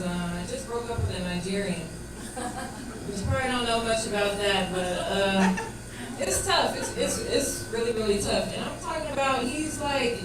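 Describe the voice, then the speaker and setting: A brash woman performs stand-up at a comedy club open mic, her voice sitting a little high and laughing through her punchlines. She is heard from across the room on the stage mic, with heavy echo and loud room noise all around. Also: recorded from a distance. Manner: brash, joking, laughing at own lines. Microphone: stage microphone, heard from far in the room.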